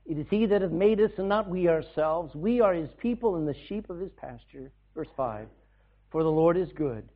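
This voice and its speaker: A man preaching a sermon, telling stories with loud bursts and hushed asides. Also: fairly high pitch, moderate pace. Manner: animated storytelling, shouting bursts and hushed asides. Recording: tinny phone-like sound.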